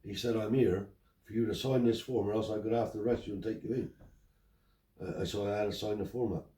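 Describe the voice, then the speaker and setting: In a roomy recording picked up from a distance, an older Romany Traveller interviewee chats casually, telling stories and acting out the dialogue. His voice is lowish and a little fast.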